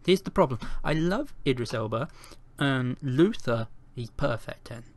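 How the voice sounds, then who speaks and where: Man, podcast host, emphatic and opinionated, mid-pitched voice, casual chat. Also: lively intonation, measured pace.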